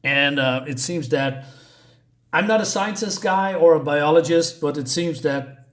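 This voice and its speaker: A man's voice: a little high, unhurried, a bit bright. Rambling man reviewing a comic. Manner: rambling, hesitant, many fillers; chuckles between points. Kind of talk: casual spoken review.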